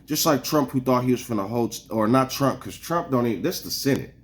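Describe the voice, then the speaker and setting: A man mid-rant, talking to his viewers in a heated, cursing flow. His voice sits at an ordinary middle pitch, and he rambles and trips over his own restarts as he pushes his point. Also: lively intonation, brisk. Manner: angry, profane, heated. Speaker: vlogger. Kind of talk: casual ranting monologue to viewers.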